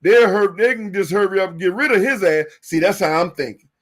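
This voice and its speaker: Animated high-voiced man telling a story. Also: fairly quick. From northern United States. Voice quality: profane and emphatic. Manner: animated storyteller acting out both sides with loud high bursts. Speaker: show host. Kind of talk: casual sports talk chat.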